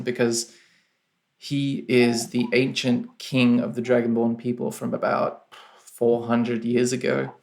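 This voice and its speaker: A man acting as game master of a tabletop game, narrating at a measured pace and thinking aloud as he describes things. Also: mid-range voice, vocal fry.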